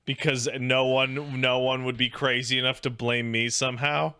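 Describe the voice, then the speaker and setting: Joking man with a bright, smooth voice. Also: mid-range voice, flat delivery, moderate pace. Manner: joking, mock-grumpy, reads ad spots. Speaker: podcast co-host. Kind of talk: casual chat.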